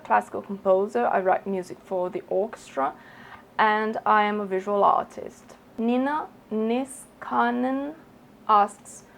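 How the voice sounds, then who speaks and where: Gravelly-voiced Brazilian woman with British-sounding English. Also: mid-range voice, low-quality recording. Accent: British English learned in London, Brazilian speaker. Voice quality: precise, careful enunciation that sounds a bit posh. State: unwell, under the weather. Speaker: channel host answering viewer questions. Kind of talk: casual Q&A vlog.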